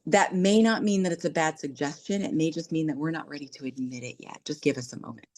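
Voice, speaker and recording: Middle-aged woman, podcast host, earnest coaching tone, fairly low voice, casual advice chat. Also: fast, a little mellow. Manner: earnest, coaching, acts out quoted dialogue.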